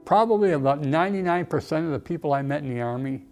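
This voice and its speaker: A man's voice: a little high, animated, fast, a little mellow, soft background music. Older man, emotional storyteller. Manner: emotional storytelling with frequent "okay" and "you know". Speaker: Army veteran interviewee. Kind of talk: reminiscing documentary interview.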